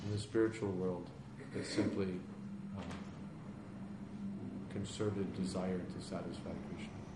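A man teaching a question-and-answer class, explaining calmly in plain words with rising emphasis. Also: low voice, measured pace. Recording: echoey room with background noise.

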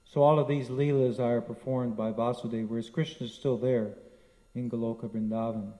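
A man giving a devotional talk, retelling scripture stories in a lively storytelling manner. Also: medium pitch, a little fast, rough recording. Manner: storytelling, lively, frequent restarts. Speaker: spiritual teacher.

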